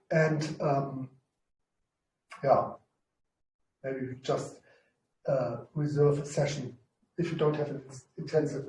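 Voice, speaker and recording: A man teaching Greek to a class, explaining rules in halting phrases and often repeating himself. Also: mid-range voice, dark tone, a little hiss or hum. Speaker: Greek lecturer. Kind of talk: university class discussion. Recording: roomy, distant mic.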